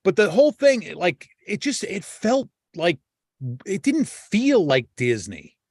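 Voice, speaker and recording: A man's voice: high voice, wildly swooping pitch, slow pace, a little mellow, slightly rough, no echo, studio quality. A man hosting a podcast in casual chat, rambling with lots of restarts and cursing freely. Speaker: podcast host.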